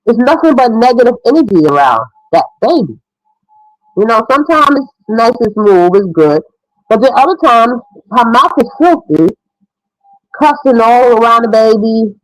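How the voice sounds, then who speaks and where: A woman's voice: fairly high pitch, no room sound, poor audio. A middle-aged woman giving frank, opinionated casual commentary as a mother.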